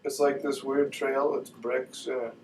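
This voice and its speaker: A man's voice: medium pitch, flat delivery, measured pace, gravelly, darkish tone. A man talks loosely about a trip, with hesitant restarts and self-corrections. He sounds some distance from the camcorder mic. A faint hum runs under his voice. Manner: rambling, hesitant, corrects himself. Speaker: traveler recounting a trip. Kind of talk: casual home-video chat. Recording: distant home camcorder audio.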